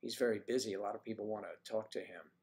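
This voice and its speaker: A man hosts a casual livestream, reading viewer comments, greeting people by name and teasing them in a playful, chatty way. His voice is on the low side and darkish, with fairly even intonation, and he talks fast.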